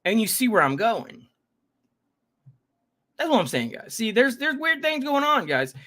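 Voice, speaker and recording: The host of a casual live reaction stream greets his viewers by name and rambles, breaking off his own sentences again and again. His extremely high voice is very animated, bright, and forceful, with a measured pace.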